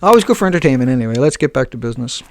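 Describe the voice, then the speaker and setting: Gravelly, combative man ranting on camera. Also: medium pitch, very animated, racing, no echo. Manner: combative, scornful, jumps from rant to joking asides. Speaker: video blogger. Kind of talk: live-streamed rant to viewers.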